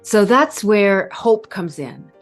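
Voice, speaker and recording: A middle-aged woman giving a calm, earnest spiritual talk, pausing and stretching words. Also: mid-range voice, soft background music. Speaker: spiritual channel host. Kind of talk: reflective spiritual talk to camera.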